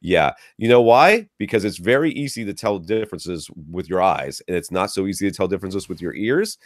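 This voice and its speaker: A man's voice: deep voice, expressive, a little fast, few pauses, no echo, studio quality. A man co-hosting a podcast in casual chat, blunt and wry, congested from a sinus infection. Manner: blunt, wry, reads listener questions aloud. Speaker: podcast co-host.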